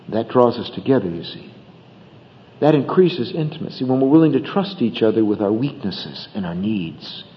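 A man's voice: fairly low pitch, animated, moderate pace, in a large hall, lo-fi sound. A man preaching a sermon about marriage in an earnest manner, with rising emphasis and acted bits of dialogue. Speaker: pastor.

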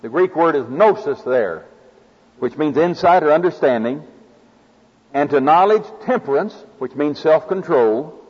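A man's voice: a little high, animated, measured pace, slightly rough. A man with an Oklahoma accent preaching a sermon in a folksy, homespun way, drawing on farm stories. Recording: dull lo-fi recording in a reverberant hall.

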